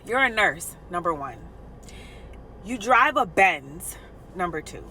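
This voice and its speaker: A woman doing a higher, affectionate voice for a female therapist who lists her client's strengths. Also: big pitch swings, takes it slowly, bright, forceful tone, a little hiss or hum, exaggerated voice, poor audio. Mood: admiring. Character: calm, encouraging female therapist.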